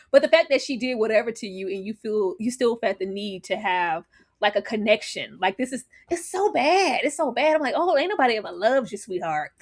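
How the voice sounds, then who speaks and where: A woman co-hosting a casual chat about a TV episode, animated and laughing often. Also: a little high. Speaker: podcast co-host.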